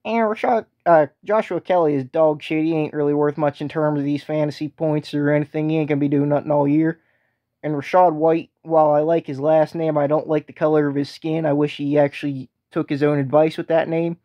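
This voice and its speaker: A man's voice: on the high side, little pitch movement, a little fast, dry recording, highs cut off, lightly acted. A man putting on a brash, foul-mouthed co-host with a fake accent. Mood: brash, crude. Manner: crude, belligerent, swaggering.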